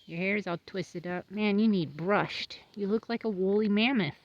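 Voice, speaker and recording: A woman's voice: medium pitch, normal speed, dull audio. A woman farmer chatting casually while tending her horses outdoors, cooing at them in baby talk and scolding them now and then. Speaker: homestead farmer. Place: outdoors at a farm.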